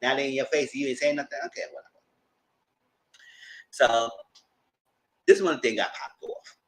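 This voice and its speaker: A man's voice: mid-range voice, normal speed, poor audio. A man hosting a live TV review show, recapping episodes in a slangy, gossipy way. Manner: animated, slangy, gossipy retelling. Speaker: TV review host.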